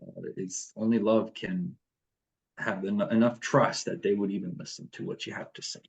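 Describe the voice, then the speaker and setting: A man's voice: fairly low pitch, steady tone, moderate pace, vocal fry, a little mellow. A man leading a morning devotion over a video call, reading passages aloud and then talking them through with fillers and restarts.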